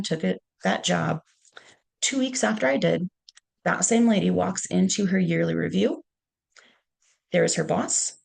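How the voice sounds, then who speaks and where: A middle-aged woman giving a leadership talk, telling stories from her career in a conversational way and often pausing on "okay". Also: fairly low pitch, gravelly, slightly rough. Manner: conversational, punctuates points with "okay". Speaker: leadership speaker. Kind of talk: storytelling presentation.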